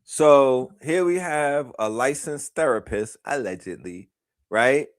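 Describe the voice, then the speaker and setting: A man's voice: mid-range voice, expressive, slow pace, dry recording, clean studio sound. Mocking man doing reaction commentary. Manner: mocking, loose, laughing asides.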